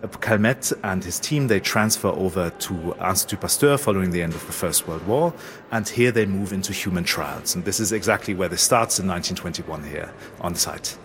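Man, lowish voice, academic, measured, outdoors at a site, faint ambient noise. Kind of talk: on-site interview explanation.

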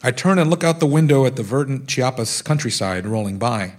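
A man's voice: mid-range voice, fairly quick. A man, the author, reading aloud from his own memoir in a wry storytelling manner.

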